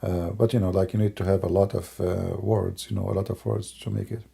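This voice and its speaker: A man whose first language is Arabic, hoarse from losing his voice, musing and rambling in broken English on a livestream. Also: low-pitched, level tone, brisk, dark tone. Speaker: livestream host. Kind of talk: casual livestream talk.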